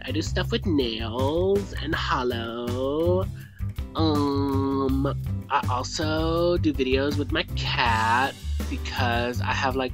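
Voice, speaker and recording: A man's voice: medium pitch, natural voice. A man putting on a ditzy valley girl. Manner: valley-girl drawl, rambling. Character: ditzy young woman YouTuber, scatterbrained.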